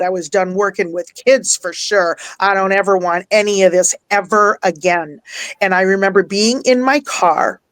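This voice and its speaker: A woman's voice: medium pitch, dry recording. Earnest storytelling woman, dry sound. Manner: earnest, animated, laughs often, repeats phrases for emphasis; emotional, near tears at times. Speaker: guest, life coach and minister. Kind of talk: emotional personal storytelling.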